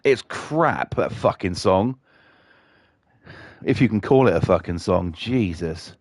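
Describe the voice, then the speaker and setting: A man's voice: low voice, expressive, takes it slowly, dry recording. A British man chatting casually on his live stream, rambling and swearing a lot.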